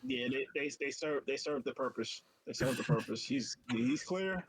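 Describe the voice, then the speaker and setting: A man's voice: medium pitch, normal speed, slight background noise. A man co-hosting a podcast, chiming in with laid-back wrestling predictions. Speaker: podcast co-host. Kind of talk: casual wrestling chat.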